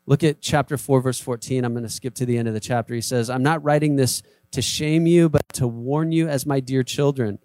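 A man's voice: mid-range voice, steady tone, fairly quick, hardly any pauses, a little mellow, no room sound. A man preaching a sermon as a pastor, talking conversationally and acting out short quoted voices. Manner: conversational, acts out quoted voices, emphatic repetition.

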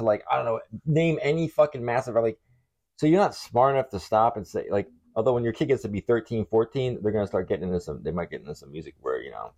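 A middle-aged man co-hosting a casual podcast, joking and swearing, often dropping into a mock-deep seductive voice. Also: quick pace, darkish tone. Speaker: podcast co-host. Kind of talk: casual chat.

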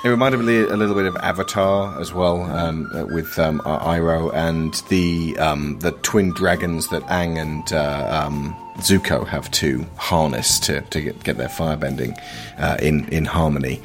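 A man's voice: very deep voice, steady tone, unhurried, over music. A man hosting a casual chat, rambling and playful, with many hesitations. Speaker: podcast host.

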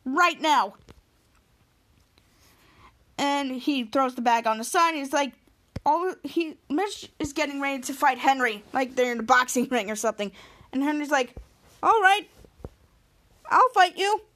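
High-voiced young woman recapping a show. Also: normal speed, a bit bright. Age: 20s. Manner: rambling, with many restarts and "he's like". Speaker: podcast host. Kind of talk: casual episode recap.

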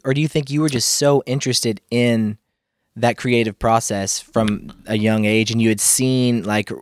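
A man's voice: medium pitch, no echo, studio quality. A man hosting a podcast interview, giving short backchannels and asking long, winding questions. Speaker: podcast host. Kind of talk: casual interview.

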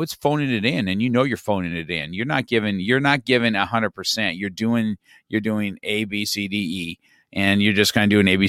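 A man's voice: lowish voice, fairly bright tone, no echo, studio quality. A middle-aged man, a podcast guest, telling a story in casual chat, rambling with many restarts and "you know, man.".

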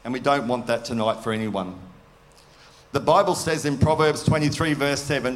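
A man's voice: mid-range voice, moderate pace, a little hiss or hum. A man preaching a sermon in an earnest, conversational way, asking his listeners questions. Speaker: pastor. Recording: long hall reverb.

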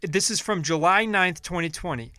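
Guy on his podcast going off, cussing a lot, pretty high bright voice. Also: moderate pace, no room sound. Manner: angry, profane, reads aloud then rants. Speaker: podcast host. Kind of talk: ranting political podcast.

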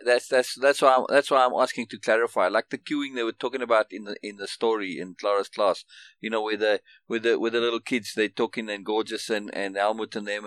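A man's voice: on the low side, fairly bright tone, no room sound. Man, podcast host, casual chat, emphatic explaining, stumbling restarts, keeps asking "right?", dry close sound. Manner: explains emphatically with many restarts and repeated words; keeps checking understanding with "right?". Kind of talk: casual one-on-one conversation.

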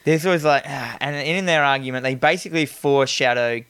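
A man's voice: medium pitch, normal speed, a bit bright, clean tone. A man co-hosting a casual film review chat, rambling, swearing freely and acting out scenes. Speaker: podcast co-host reviewing a film.

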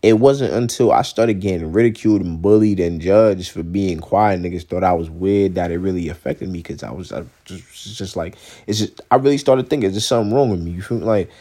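A young man in a casual, profane monologue, rambling and blunt, swinging between loud outbursts and low mutters. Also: fairly quick, few pauses.

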